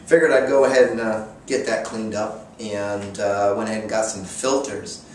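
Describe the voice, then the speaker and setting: A man's voice: lowish voice, moderate pace, slight background noise. Exasperated man telling a comic story. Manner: exasperated, deadpan sarcasm. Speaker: vlogger. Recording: echoey room, distant mic, faint ambience.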